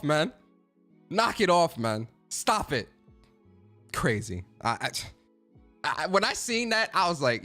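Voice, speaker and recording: A man's voice: fairly high pitch, lively intonation, a little fast, fairly bright tone, soft background music. A man hosting a gaming stream in a casual, profane rant, repeating phrases for emphasis.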